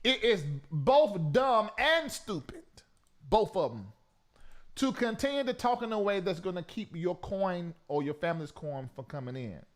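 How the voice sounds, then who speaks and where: High, lively male talk-show host. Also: unhurried. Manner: animated, loud and mocking, with preacher-like mimicry. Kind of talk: casual commentary.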